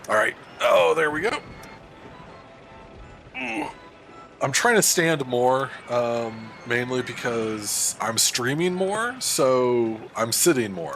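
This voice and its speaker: A man with an animated, swinging voice chats casually while he plays a game on stream, reading out and answering his viewers. His voice sits at a middle pitch, with faint music playing behind him. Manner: chatty, reads and answers chat, animated. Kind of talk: casual game livestream chat. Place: home room at a standing desk.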